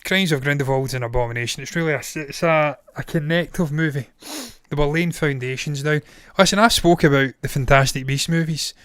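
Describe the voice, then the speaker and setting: A thirties-aged man ranks films on a laid-back live stream, blunt and opinionated, swearing freely. His fairly high, fairly bright, clean voice moves quickly with few pauses, though it sounds tired and strained after hours of talking. The clean studio audio has no room sound.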